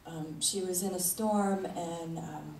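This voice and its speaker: A woman's voice: on the low side, fairly even intonation, slow, gravelly, darkish tone. A woman spiritual leader giving a conversational sermon, chuckling often as she talks. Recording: echoey hall, mic at a distance, faint noise.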